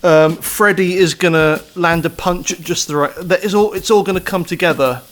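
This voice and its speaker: A man's voice: high-pitched, moderate pace, fairly bright tone. An English man co-hosting a podcast in casual chat, talking in long rambling, emphatic runs and swearing freely. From England. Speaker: podcast co-host.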